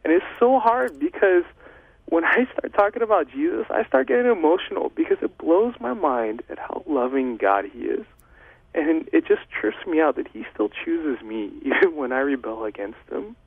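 A man's voice: fairly high pitch, lively intonation, moderate pace, husky, dry recording. A young man speaking as a guest, sharing an earnest, emotional faith testimony with plenty of fillers. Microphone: phone. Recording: tinny phone line.

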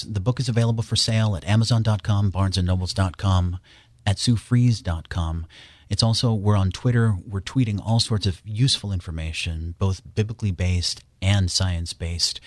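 A man's voice: deep voice, no room sound. A man speaking as a radio guest, enthusiastic and promotional, reading scripture aloud. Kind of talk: radio interview talk.

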